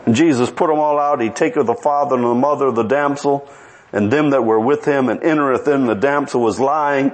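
A man's voice: medium pitch, a little fast, rough recording. A man preaching a sermon with drama, quoting old scripture and acting out the people in the story. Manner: dramatic, acts out voices, rising to near-shouts; quotes King James scripture.

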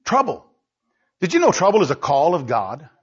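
A male preacher delivers an emphatic sermon packed with rhetorical questions, swinging between loud and hushed. His husky voice sits on the high side with wildly swooping pitch at a moderate pace. The recording is dull and lo-fi.

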